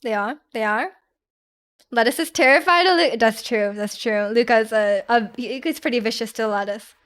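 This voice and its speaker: Brief: young woman streamer, high bright pitch, chatty and giggly, loose casual delivery. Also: moderate pace, smooth. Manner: chatty, giggly, many restarts and "like". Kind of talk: casual chat reading viewer comments.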